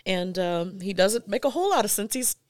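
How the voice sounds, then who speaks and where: Lively, laughing woman co-host. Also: medium pitch, fairly quick. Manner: laughs often, chatty with fillers. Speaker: podcast co-host. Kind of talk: casual chat.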